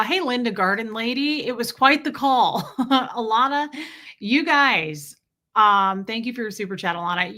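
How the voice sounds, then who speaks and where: Bright chatty woman greeting her stream. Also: on the high side. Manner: chatty, warm toward viewers, rambling asides. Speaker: livestream host. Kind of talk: casual livestream chat reading viewer names.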